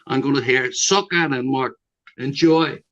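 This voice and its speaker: A man's voice: medium pitch, normal speed, fairly bright tone. A man, a panel guest teasing the others and spinning crude jokes on a live stream. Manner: teasing, storytelling, swearing. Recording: muffled lo-fi call audio.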